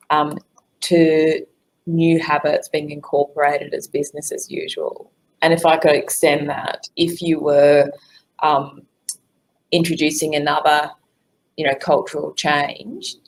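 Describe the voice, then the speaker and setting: A woman's voice: sits low, rough recording. A woman moderating a conference session over a video call, reading out audience questions in a friendly way with many fillers. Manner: friendly, filler-heavy, reads questions aloud.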